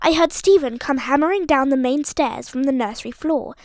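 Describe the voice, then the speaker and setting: A woman narrating a mystery audiobook in an expressive storytelling style. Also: high voice, normal speed, no room sound. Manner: expressive, voices each character.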